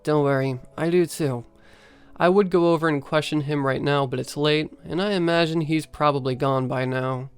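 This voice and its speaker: A man's voice: fairly high pitch, fairly even intonation, moderate pace, clean tone, soft background music, natural voice. A man voicing a stern middle-aged police detective in a horror story reading, firm and formal.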